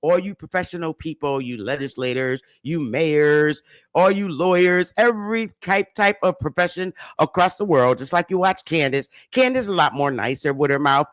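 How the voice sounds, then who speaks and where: A woman from Connecticut hosting her own livestream, ranting bluntly and with plenty of profanity, swinging between loud, animated bursts and quieter, lower stretches. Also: normal speed, no echo. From Bridgeport, Connecticut. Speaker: livestream host. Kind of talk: casual livestream rant to her audience.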